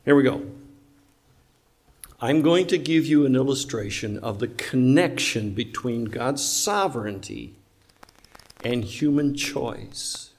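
Taking his time and pausing often, an animated male preacher delivers a church sermon in a middle-range pitch. He leans on emphasis, poses rhetorical questions to the congregation, and banters with listeners seated in the pews.

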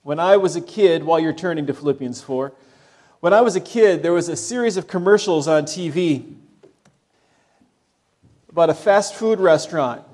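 Conversational preacher, fairly high voice. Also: male voice, normal speed, long pauses. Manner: conversational preaching, dropping to soft low tones for emphasis. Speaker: pastor. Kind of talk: sermon.

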